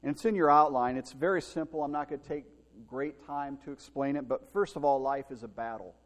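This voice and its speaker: A man preaching a Sunday sermon, telling a story in an animated way and acting out the quoted lines with shouts. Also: a little fast. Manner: animated, acts out quotes with big shouts and pitch jumps. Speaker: pastor. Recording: long hall reverb.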